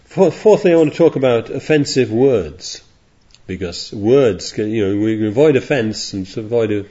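A man's voice: mid-range voice, animated, moderate pace, warm tone, slightly rough. A man preaching a sermon in a rambling, digressive way, reading scripture aloud as he goes. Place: congregation in California. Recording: dull lo-fi sermon recording.

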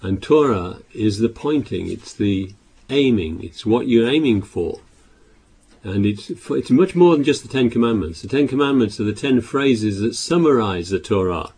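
A male preacher with a low, mellow voice and a slightly husky edge. He gives a sermon, raising his voice to read scripture and then dropping back to explain it with halting restarts. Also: expressive. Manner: reads scripture aloud louder, with halting restarts.

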